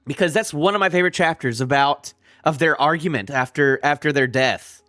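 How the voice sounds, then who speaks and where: A man reacting live to a manga chapter, rambling and restarting his sentences as he gets excited. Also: on the high side, a little fast, no room sound, clean studio sound, faint music behind.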